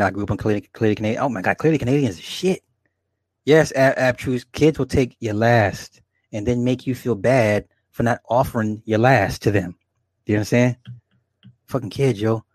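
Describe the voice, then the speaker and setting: A middle-aged man chatting on a livestream in a loose, rambling way, cursing freely and breaking into laughter as he answers his viewers. His voice sits at an ordinary male pitch and sounds close and dry, with no room around it. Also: steady tone, normal speed, long pauses, darkish tone, no echo. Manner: rambling, profane, laughs often, talks to viewers. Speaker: livestream host. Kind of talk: casual livestream chat, reading comments.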